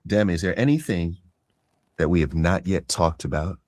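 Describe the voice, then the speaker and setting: A man hosting an interview, asking questions in a measured, affirming way. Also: low-pitched, a little mellow, no echo, clean studio sound. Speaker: interview host.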